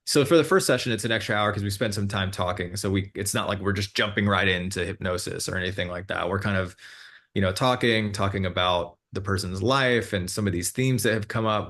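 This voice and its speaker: Male hypnotherapist guest, somewhat low voice, easygoing and rambling, many fillers. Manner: relaxed, meandering, with many fillers and self-corrections. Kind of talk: casual interview explanation.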